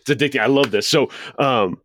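A man's voice: medium pitch, brisk, a bit bright. A man hosting a podcast interview, chatting enthusiastically in a rambling way with many restarts. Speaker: podcast host. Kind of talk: casual interview chat.

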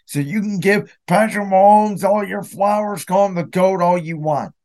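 A man's voice: high-pitched, moderate pace, a little mellow. A young man hosting his own podcast, ranting with bitter, emphatic anger about his team's defeat. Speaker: podcast host. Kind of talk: solo sports reaction podcast.

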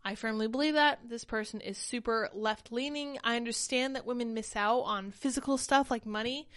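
Higher-voiced woman hosting political commentary. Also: moderate pace, fairly bright tone. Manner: conversational, reads tweets and comments aloud. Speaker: host.

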